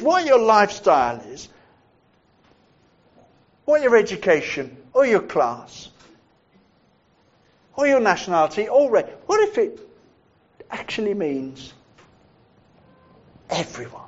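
A man preaching a sermon in a measured, reflective way, repeating phrases for emphasis. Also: high-pitched, lo-fi sound.

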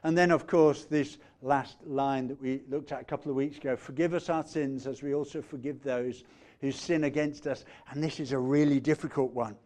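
A man preaching a sermon, measured, letting phrase endings fall quiet and growing animated when he retells a story. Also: mid-range voice. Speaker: pastor.

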